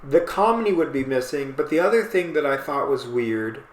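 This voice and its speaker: A man co-hosting a casual podcast chat, talking in a rambling, animated way and often breaking off mid-thought. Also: medium pitch, moderate pace, a little hiss or hum. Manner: rambling, animated, self-interrupting. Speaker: podcast co-host. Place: small apartment room. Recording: echoey room.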